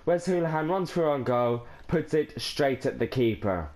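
A man's voice: medium pitch, lively intonation, moderate pace, darkish tone. A young Irish man in his teens talking to camera in a casual vlog, overwhelmed and rambling, with restarts and sighs. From Ireland. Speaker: gaming vlogger.

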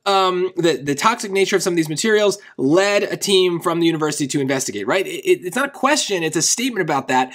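A man's voice: sits high, fairly bright tone. A man tutoring for a test, explaining a grammar question in a loose, conversational way, often checking in with "right?". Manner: conversational, rephrases often, asks "right?" for agreement. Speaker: SAT tutor.

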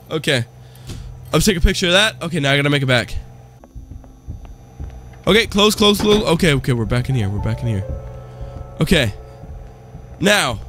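Casting: jumpy young male gaming YouTuber, slightly high voice, easily spooked, profane. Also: normal speed, long pauses, a little hiss or hum. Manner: jumpy, excitable, swears a lot. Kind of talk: gameplay commentary.

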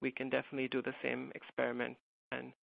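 A man's voice: medium pitch, completely flat delivery, fast talker, creaky, dry recording. A male graduate student answering audience questions in a hesitant way, with many fillers. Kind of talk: live Q&A answers. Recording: tinny phone-like line, dry.

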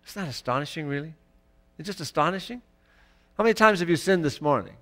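Emphatic high-voiced male preacher. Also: lively intonation, fast talker. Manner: emphatic, rising to loud exclamations. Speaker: pastor. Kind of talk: sermon. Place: church.

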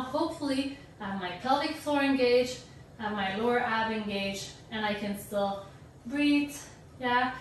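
A young woman teaching an online dance workshop, coaching core exercises in a relaxed, chatty way with little jokes. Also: a little high, slight background noise. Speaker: dance instructor. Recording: roomy echo, distant from the mic.

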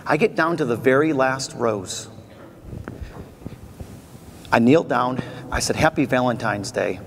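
A middle-aged man giving a motivational keynote speech, telling stories with animated energy and drawing call-and-response from the audience. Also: medium pitch, slow. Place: large convention hall. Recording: echoey convention hall, faint noise.

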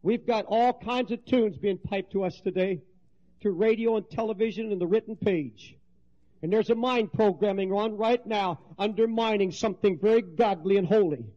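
A high-pitched man preaching with fervor, dropping low and then rising to shouts. The sound is dull and lo-fi, like an old 1970s sermon tape. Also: normal speed. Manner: impassioned, swings between hushed and shouting.

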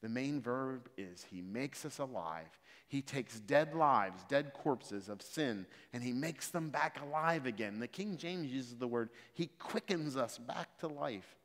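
In a reverberant hall, a man with a mid-range voice preaches at a measured pace with few pauses. His sermon shifts from calmly explaining scripture to loud, emphatic exhortation.

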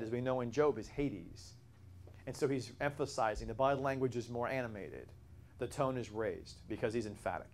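A man leads a Bible study, explaining with steady emphasis and taking questions from his students. His voice sits at an ordinary middle pitch. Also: a little fast, a little hiss or hum. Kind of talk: classroom Bible teaching.

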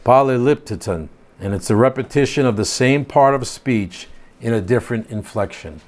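A man's voice: mid-range voice, normal speed, darkish tone. An older man teaching a home Bible study, reading scripture aloud and then explaining it in plain, casual asides.

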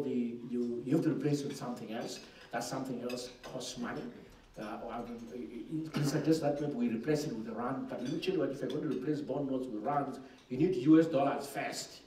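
A man's voice: medium pitch, warm tone. A man, a finance minister, answering questions at an investor forum in a frank, emphatic way, often restarting and repeating words. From Zimbabwe. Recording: echoey conference room, distant mic, faint noise.

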